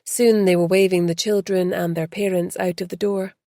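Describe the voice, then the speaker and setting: A woman narrating an audiobook with a gravelly, mellow, rather low voice, measured and even. The close mic gives a dry, dead sound. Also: no room sound.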